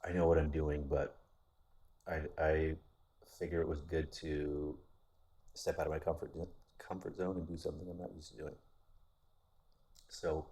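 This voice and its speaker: A man's voice: rumbling low, flat delivery, normal speed, pauses often, warm tone, breathy edge. A man talking in a casual vlog monologue, rambling and candid, with frequent restarts and casual swearing. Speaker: vlogger.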